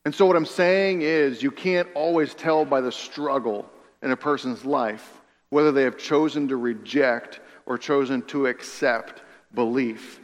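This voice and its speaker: A man preaching a sermon in an earnest way, repeating phrases for emphasis and dropping to a hush on key lines. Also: medium pitch, in a large hall. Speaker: pastor.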